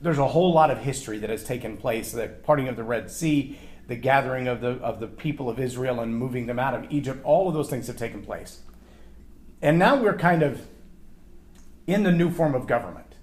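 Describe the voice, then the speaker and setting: A man giving an animated Bible teaching on leadership, often acting out quoted lines and repeating words as he thinks aloud. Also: mid-range voice, brisk.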